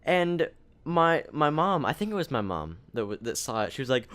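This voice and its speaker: A young man co-hosting a podcast over a voice call, telling rambling, animated stories. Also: on the high side, normal speed, smooth. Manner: rambling, animated, acts out family members. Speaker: podcast co-host. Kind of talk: casual chat, storytelling.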